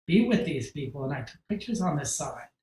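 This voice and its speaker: A man, a podcast guest, telling a story in casual, animated style, acting out quotes and swearing freely. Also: on the high side, brisk. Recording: roomy echo.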